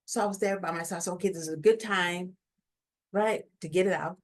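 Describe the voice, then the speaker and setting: A woman guest telling a personal story in a lively way, often checking in with "right?". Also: on the low side, a little fast. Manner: lively, tag questions like "right?". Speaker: guest telling her near-death story.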